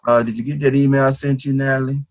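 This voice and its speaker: A man acting out a shy, low-energy caller who hesitates and mumbles through a sales call. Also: level tone, fast talker, close to an everyday voice. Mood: listless. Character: timid, flat-voiced man making a sales call.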